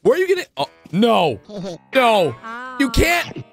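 Excitable guy reacting to funny cartoons, voice jumping all over, laughs a lot, music underneath. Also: very high voice, a little slow, creaky. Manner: excitable, narrating events and laughing often. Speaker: reaction video host. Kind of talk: casual reaction commentary.

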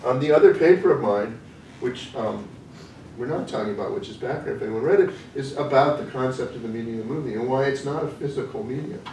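A man giving an academic lecture, thoughtful and hesitant, often pausing with "um" as he works through his ideas. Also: medium pitch, a little mellow. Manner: thoughtful, hesitant with frequent ums. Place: lecture room. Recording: echoey room from a distance with faint noise.

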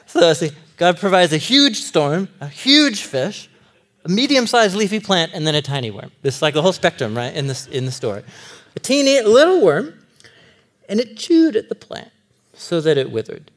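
A man teaching a group, his voice sitting a little high and leaping up and down as he plays the story for laughs. He chuckles often and speaks like a storyteller. He sounds to be in his thirties. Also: normal speed. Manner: animated and comic, laughing as he tells the story. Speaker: Bible teacher. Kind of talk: teaching a sermon series to a live group.

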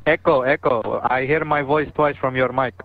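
A man's voice: medium pitch, normal speed, gravelly, narrow, tinny audio. A man chatting playfully with friends during an online race, laughing often. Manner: lively, playful, laughs a lot. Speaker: gamer friend. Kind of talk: casual chat over voice chat.

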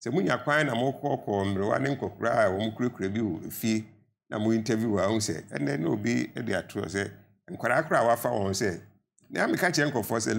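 A man's voice: mid-range voice, quick pace, gravelly. An older man with a Ghanaian accent, a pensioner guest in a studio panel debate, arguing earnestly and rising to emphatic appeals.

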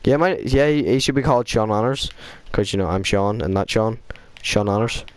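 A man's voice: medium pitch, fairly quick. An Irish man chatting casually and teasing friends while playing a game online. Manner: joking, teasing, spells things out. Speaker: gamer in party chat. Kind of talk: casual gaming chat.

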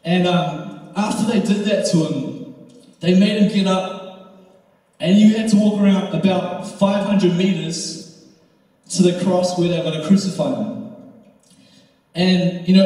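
Casting note: young male youth speaker, mellow voice, chatty and full of fillers, heard from across a roomy hall. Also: high voice, far from the mic. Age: young adult. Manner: storytelling, filler-heavy, animated. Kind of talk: casual youth sermon.

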